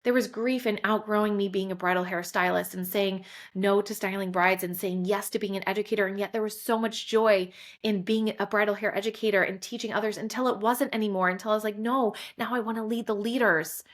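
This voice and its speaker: A woman's voice: mid-range voice, fairly even intonation, a little fast. A woman, hosting a solo podcast and telling a personal story candidly and emotionally, full of casual fillers. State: close to tears at times. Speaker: podcast host.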